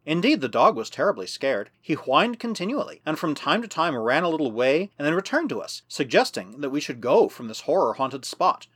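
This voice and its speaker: A man narrating a first-person adventure novel as an audiobook, in a measured, expressive storytelling manner. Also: on the high side, breathy edge.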